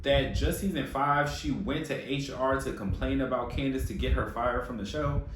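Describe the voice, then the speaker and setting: A man's voice: medium pitch, moderate pace, fairly bright tone. A man giving a casual, opinionated TV recap, sassy and profane, full of slang. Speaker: reality TV recap host. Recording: echoey room with faint noise.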